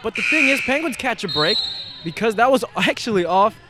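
A high-pitched man delivers fast, excitable play-by-play of a basketball game. His voice jumps to shouts whenever a big play lands. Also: heavy background noise. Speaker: play-by-play announcer. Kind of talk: live basketball play-by-play commentary.

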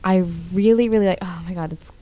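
A woman's voice: medium pitch, quick pace, mellow, a little hiss or hum. A young woman chatting as a guest, bubbly and gushing, often giggling. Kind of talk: casual chat.

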